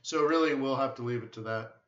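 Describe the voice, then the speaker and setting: Fairly quick and a bit bright, his mid-range voice carries a live forex trading stream where he fields viewer questions. He's blunt and emphatic, repeating words often. Expect a dull, lo-fi sound and an echoey room.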